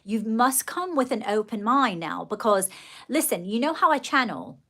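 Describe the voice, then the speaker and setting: A woman's voice: fairly high pitch, animated, normal speed, sharp tone. A woman from Georgia with a Southern accent, chatting casually and rambling fondly to viewers on a livestream. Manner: chatty, gushing, rambling, calls viewers darling. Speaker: livestream host.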